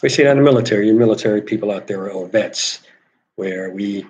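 A man's voice: fairly low pitch, quick pace, darkish tone, dull audio. A man hosting a casual talk show, telling an army story with quoted voices and reading viewer comments. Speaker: host.

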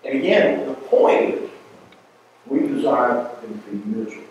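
A man teaching a Bible class in a folksy, animated way, often asking the class questions. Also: mid-range voice, normal speed, echoey room, highs cut off, a little hiss or hum.

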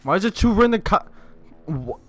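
Young male gaming host, lively and excitable, yelps and laughs through play, slightly high voice, faint music behind. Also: moderate pace. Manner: excitable, laughs and yells at the game. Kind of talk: excited gameplay commentary.

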